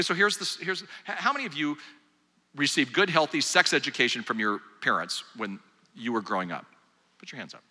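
An older man addresses a crowd of mothers in a loose, joking way, turning to them with questions and asides. His voice is very bright and forward. The sound rings with the long reverb of a large hall. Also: medium pitch. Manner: conversational and joking, engages the audience directly. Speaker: speaker at a mothers' group. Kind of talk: live talk to an audience. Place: large hall with live audience.

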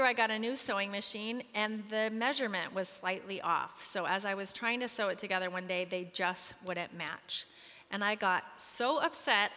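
A woman gives a devotional talk to a group of mothers, sharing a personal story with heartfelt earnestness and closing in prayer. Her voice is bright and clear. She is speaking in a large hall, and a long reverb trails after her words. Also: mid-range voice.

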